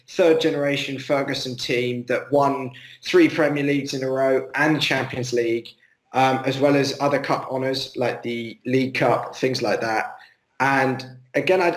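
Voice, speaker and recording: Man chatting football in an echoey room. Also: mid-range voice. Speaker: podcast co-host. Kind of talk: casual football chat.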